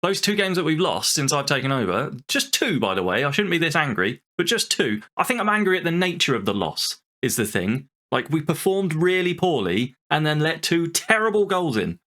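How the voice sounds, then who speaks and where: Brief: male game streamer, bright forceful tone, swears and rants while calling the play. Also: a little high, normal speed, hardly any pauses. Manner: exasperated, swearing, ranting; lively play-by-play over a football game. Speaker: gaming channel host. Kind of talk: let's-play commentary.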